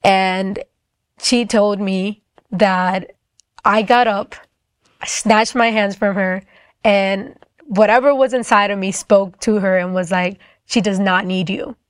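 Brief: young woman, casual rambling faith testimony, mid-pitched, dry close sound. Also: steady tone, slow, smooth, no echo. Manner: casual, rambling, many fillers. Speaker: guest telling her story.

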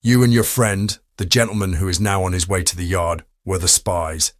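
A man's voice: sits low, steady tone, moderate pace, dry recording, clean studio sound, lightly acted. A man reading an audiobook, voicing a cool, wry private detective who speaks in a clipped, confident way.

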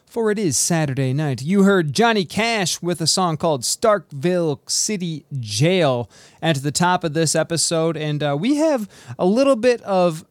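Male radio host, upbeat casual patter, slightly high voice, dry booth. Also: lively intonation, no echo. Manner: breezy, quick patter, casual fillers.

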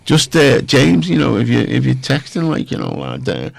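A man's voice: medium pitch, normal speed, creaky, dry recording. A man hosting a local radio show, chatting casually in a rambling, jokey way. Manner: rambling, jokey, self-mocking. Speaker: radio host.

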